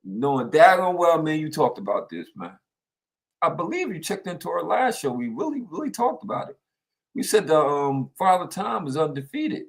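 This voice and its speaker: Animated man with a higher voice, chatty. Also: moderate pace, gravelly. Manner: animated storyteller, repeats himself, lots of fillers. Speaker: sports talk co-host. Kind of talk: casual sports chat.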